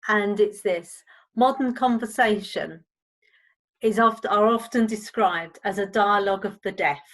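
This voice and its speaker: A woman, a counsellor, presenting a recorded teaching seminar on listening in a clear, steady way. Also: mid-range voice, measured pace, rough recording.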